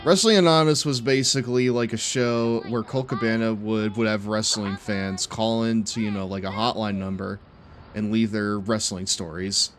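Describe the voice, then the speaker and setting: A man's voice: lowish voice, fairly even intonation, normal speed, a little hiss or hum. A young man in his twenties chatting casually and laughing while he streams a video game, rambling with lots of fillers. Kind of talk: casual chat while gaming.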